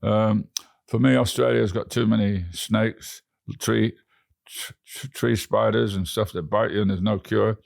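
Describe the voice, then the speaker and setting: A man's voice: fairly low pitch, steady tone, unhurried, gravelly, no echo, studio quality. A man with an English accent, a guest telling rambling travel stories in an interview, often restarting his words. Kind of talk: anecdotal storytelling.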